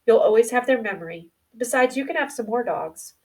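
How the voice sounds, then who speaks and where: A woman voicing a gentle farm mother who speaks softly and soothingly. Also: a little high, lively intonation, a little fast, far from the mic, low-quality recording. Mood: consoling. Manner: soft and soothing.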